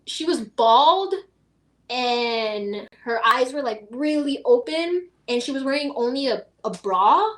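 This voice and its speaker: A woman from Las Vegas, a podcast guest, telling stories in casual chat, animated and full of laughter and filler words. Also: sits high, slow pace. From Las Vegas, USA.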